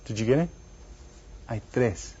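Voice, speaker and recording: Male elementary Spanish teacher, unhurried, drills words back, dull lo-fi recording. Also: mid-range voice, animated, noisy background. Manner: repeats words slowly and quizzes the listener. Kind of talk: elementary Spanish lesson for children.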